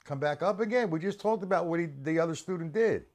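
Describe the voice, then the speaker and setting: A man's voice: a little high, quick pace, a little mellow. A man teaching a drum lesson on a live stream, quizzing and teasing his students by name.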